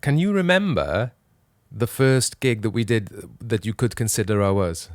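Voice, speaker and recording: A man's voice: on the low side, expressive, a little slow, no room sound, clean studio sound. A man co-hosting a podcast in a casual chat, easygoing and asking prompting questions. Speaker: podcast co-host.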